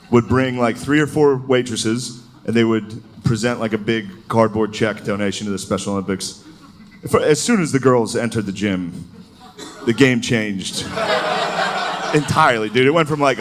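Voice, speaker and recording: A man doing a live stand-up routine, talking in a loose, profane, conversational way and calling the crowd "dude.". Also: fairly low pitch. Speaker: stand-up comedian. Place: live comedy venue on stage. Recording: noisy live stage recording.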